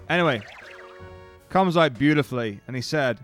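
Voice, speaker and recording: A man's voice: fairly high pitch, expressive, normal speed, pauses often, soft background music. A man streaming a speedrun, telling a long casual story in a rambling way and acting out what people said. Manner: rambling, with frequent restarts and acted-out quotes.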